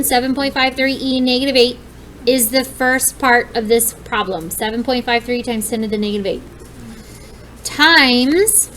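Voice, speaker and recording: A woman's voice: high voice, fairly bright tone, slight background noise, low-quality recording. A woman teaching a class, walking students through steps in an upbeat, encouraging way. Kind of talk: classroom lesson.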